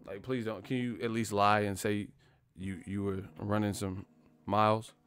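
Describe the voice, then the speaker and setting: A man hosting a casual boxing chat, talking in an animated, joking and profane way. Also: on the low side, normal speed, smooth. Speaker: boxing commentary host.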